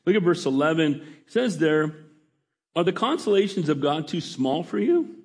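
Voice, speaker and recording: Man, pastor, sermon, chatty delivery, fairly high voice, calls for amens. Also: very animated, normal speed, slightly rough.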